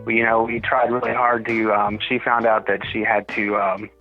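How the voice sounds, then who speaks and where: A man's voice: fairly low pitch, flat delivery, moderate pace, muffled recording, soft background music. A man with a Southern US accent, chatting as a podcast guest in an easygoing, rambling way. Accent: Southern US picked up in Alabama. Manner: easygoing, rambling, many fillers. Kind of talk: casual chat.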